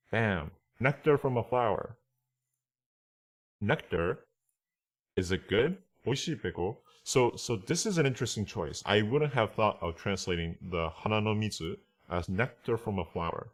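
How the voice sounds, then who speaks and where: A man's voice: on the low side, animated, normal speed. A man giving a casual online lesson on translation. He explains step by step, reads Japanese phrases aloud, and keeps checking in with "right?" and "okay?". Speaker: translation teacher.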